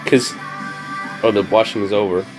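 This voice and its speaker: A man's voice: lowish voice, fairly even intonation, moderate pace, over music. A man giving casual, profane reaction commentary while watching an anime episode, often exasperated and sarcastic.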